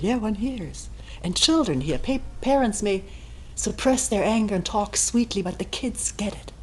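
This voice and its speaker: A woman meditation teacher giving a calm, thoughtful talk, reading a text aloud and commenting on it. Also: a little hiss or hum, low-quality recording. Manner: calm and thoughtful, acting out quoted voices with raised pitch. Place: retreat meeting room.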